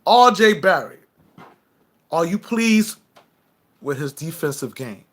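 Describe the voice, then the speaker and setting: A man's voice: on the high side, expressive, takes it slowly. A man hosting a livestream, ranting brashly and swearing at his viewers. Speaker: livestream host. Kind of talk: profane livestream rant to viewers.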